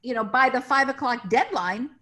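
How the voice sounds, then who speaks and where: A woman's voice: sits high, moderate pace, a bit bright. Chatty woman casting director telling stories. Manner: chatty anecdotes, acting out quoted voices. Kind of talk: casual interview storytelling.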